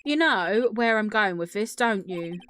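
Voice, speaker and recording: A woman's voice: medium pitch, expressive, a little slow, fairly bright tone, slight background noise. A woman voicing a determined young male defense lawyer in a game, questioning pointedly. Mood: confident.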